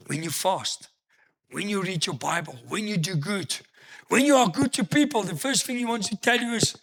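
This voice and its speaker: A man pastor preaches with lively, emphatic delivery, asking rhetorical questions and telling anecdotes. His voice sits high for a man and sounds bright and forceful. His pitch swings widely as he presses his points. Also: moderate pace. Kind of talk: sermon.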